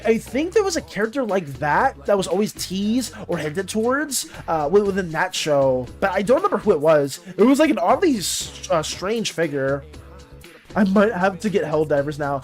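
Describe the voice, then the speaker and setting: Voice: medium pitch, very animated, moderate pace. A streamer chatting casually with viewers while drawing, reading chat aloud and rambling with many restarts and fillers. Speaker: streamer and artist. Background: faint background music.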